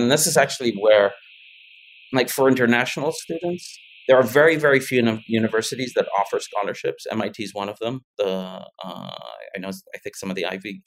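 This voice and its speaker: Middle-aged man, mid-pitched, loose rambling storyteller on a podcast. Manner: rambling storyteller, many restarts and laughs. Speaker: guest, tech founder. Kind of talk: casual interview chat.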